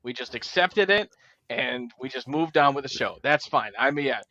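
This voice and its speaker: A man's voice: mid-range voice, lively intonation, moderate pace, pushed and bright, dry recording, highs cut off. A man guesting on a casual comedy chat over a video call, riffing sarcastically and swearing freely. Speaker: guest panelist.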